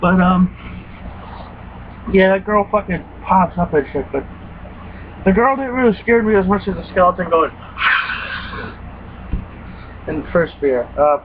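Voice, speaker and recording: A high-voiced young man tells rambling, profane stories, acting out his own startled reactions. The sound is thin and phone-like, with a faint hiss behind it. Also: takes it slowly, pauses often. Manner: profane, animated retelling with quoted reactions. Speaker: gaming vlogger. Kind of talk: casual rambling story.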